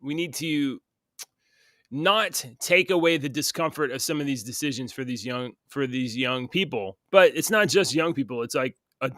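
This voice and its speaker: A man's voice: mid-range voice, lively intonation, normal speed, pushed and bright, no room sound, studio quality. A man co-hosting a casual chat, hesitant and full of fillers as he builds his point. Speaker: co-host.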